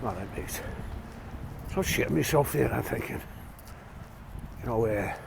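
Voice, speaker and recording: A man's voice: mid-range voice, lively intonation, a little slow, vocal fry, background noise. A middle-aged man from England telling a long personal story in a rambling, chatty way, full of restarts and chuckles. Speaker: vlogger telling prison stories. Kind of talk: casual storytelling. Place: outdoors, walking a dog.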